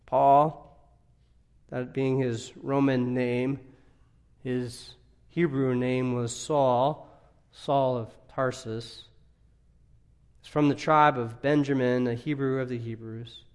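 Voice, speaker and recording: A man preaching an expository sermon, asking rhetorical questions and swinging between loud emphasis and quiet asides. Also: medium pitch, little pitch movement, takes it slowly, long pauses, smooth. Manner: emphatic, rising and dropping in volume, rhetorical questions. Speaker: pastor.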